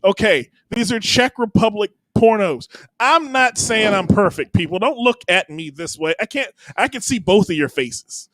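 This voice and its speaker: A man's voice: sits high, expressive, moderate pace, fairly bright tone, dry recording. A man co-hosting a comedy podcast in brash, rambling casual chat. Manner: brash and rambling, with a Southern 'y'all'. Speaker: podcast co-host.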